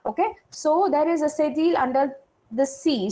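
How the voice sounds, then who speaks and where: A woman gives a classroom French lesson in a high, clear voice. She explains step by step, repeats her points and keeps asking the class whether it is clear. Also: moderate pace, mellow, low-quality recording. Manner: patient, repetitive explaining with check-in questions. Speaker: French teacher. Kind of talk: classroom lecture.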